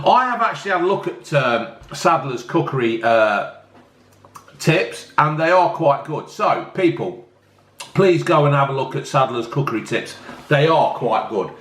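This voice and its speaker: Reviewing drinks on his vlog, a man who's had a bit to drink rambles and cracks jokes in a loose, chatty way. He talks a little slowly in a slightly high, very animated voice, and the room gives off a roomy echo.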